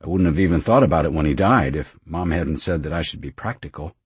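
A man's voice: a bass voice, animated, fast talker, husky, no room sound, heavily acted. A man voicing a blunt, offhand young woman, reading her dialogue in a casual, dismissive tone for a storybook.

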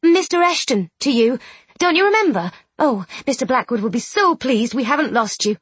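A woman voicing an eager, bossy young woman in an audiobook, brisk and excitable, high and lively. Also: breathy edge, no echo. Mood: excited.

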